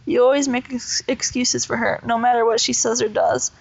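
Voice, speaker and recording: Upset insistent girl, read by a woman, gravelly fry, slightly high, dull sound. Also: fairly even intonation, normal speed, a little mellow. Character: frustrated, protective preteen girl.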